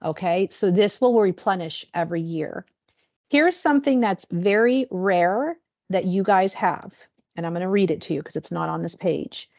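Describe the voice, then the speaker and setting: A woman presenting insurance benefits on a video call in a chatty, animated way, acting out the questions people ask. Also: on the low side, normal speed, dull audio.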